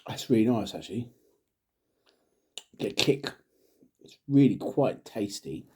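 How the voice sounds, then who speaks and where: A middle-aged father vlogs to camera while reviewing drinks, chatting in a rambling, jokey way and often muttering and trailing off. His voice is on the low side, warm and husky, with lively intonation and an unhurried pace.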